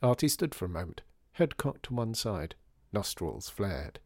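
A man narrating a story in an expressive, wry way. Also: lowish voice, unhurried, no echo, clean studio sound.

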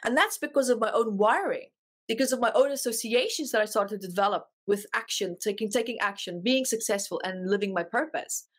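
Woman life coach guest telling her story, kinda high voice, earnest and emotional, repeats stuff for emphasis. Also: fairly quick. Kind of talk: personal storytelling in an interview.

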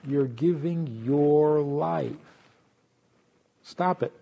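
A man teaching a Torah class, acting out imagined voices and laughing often, dropping to hushed asides and then rising loud. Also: a little high, very slow, vocal fry. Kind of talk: lively spoken Torah class.

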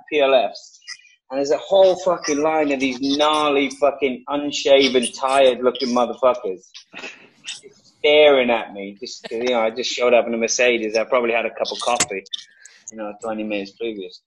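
A man on a panel telling a story in an animated, profane way, acting out shouted lines. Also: medium pitch, brisk, a little hiss or hum, poor audio. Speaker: actor on a reunion panel. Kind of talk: casual anecdote.

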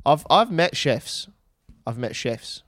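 A man's voice: medium pitch, big pitch swings, slow pace, a bit bright, dry recording. A man co-hosting a podcast, teasing his friend with dry, sweary jokes. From outside the UK. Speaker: podcast co-host. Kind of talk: casual podcast banter.

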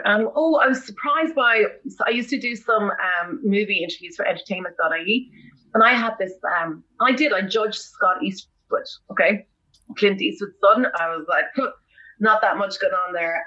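A woman with an Irish accent, an entertainment interviewer telling rambling, animated stories in casual chat. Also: medium pitch, muffled recording. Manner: animated, rambling storytelling with fillers. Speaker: podcast guest, entertainment interviewer.

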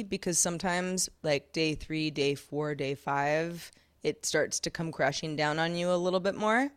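A woman with a somewhat low voice chats casually and at length. She restarts her sentences often and laughs lightly as she goes. The sound is close and dry, with no room around it. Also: moderate pace, dry recording. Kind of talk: casual chat.

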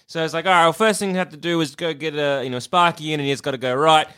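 A man tells a rambling story on a casual podcast. His voice sits a little high and rings bright. He acts out each side of the conversations he describes. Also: fairly even intonation, quick pace, clear, resonant tone. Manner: rambling anecdote with acted-out quotes. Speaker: podcast co-host.

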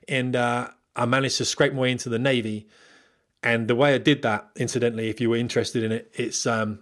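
A man talks straight to his viewers at a brisk clip, sharing blunt career advice from his flying days. His delivery is candid and rambling, full of fillers, restarts and asides. His voice sits in an ordinary middle register. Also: mid-range voice. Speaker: former military pilot giving career advice. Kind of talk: casual monologue to viewers.

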